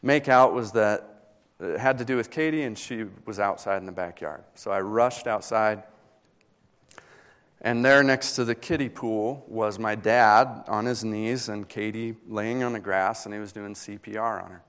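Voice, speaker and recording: A young adult man, a pastor, preaching a sermon and telling a personal story in an earnest, pausing way that builds in intensity. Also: on the low side, fairly bright tone, clear, resonant tone.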